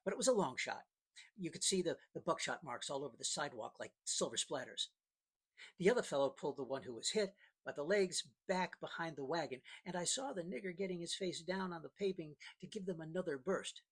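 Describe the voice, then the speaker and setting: A man's voice: on the high side, expressive, a little fast, husky. A man narrating a first-person novel in a dry, plain-spoken storytelling manner. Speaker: audiobook narrator.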